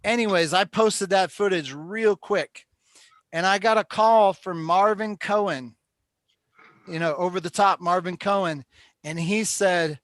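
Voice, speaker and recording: A man's voice: high voice, unhurried, a bit bright, no room sound. A man hosting a live call-in show, chatting casually and telling rambling stories. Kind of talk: casual chat.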